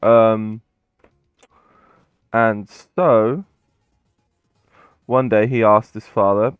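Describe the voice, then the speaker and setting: Slow, rambling man telling a story. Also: fairly low pitch, steady tone, clear, resonant tone, no echo, narrow, tinny audio, faint music behind. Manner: rambling, hesitant, many fillers. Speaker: let's play host. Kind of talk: game commentary with storytelling.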